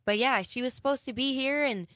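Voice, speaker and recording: A woman from Wisconsin, a singer-songwriter, chatting casually as a radio guest, with many ums and pauses. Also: high voice, fairly bright tone, no room sound, clean studio sound. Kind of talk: casual interview chat. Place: radio studio.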